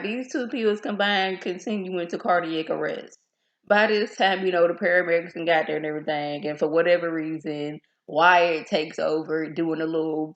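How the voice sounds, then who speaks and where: A young woman recapping a TV episode in a casual, chatty way, often acting out the characters' lines in an animated voice. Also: on the low side, highs cut off. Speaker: TV show reviewer.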